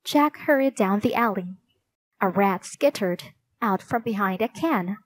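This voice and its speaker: Slow, gentle woman reading a storybook. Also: medium pitch, animated, no room sound, poor audio. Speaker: narrator. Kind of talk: children's storybook narration.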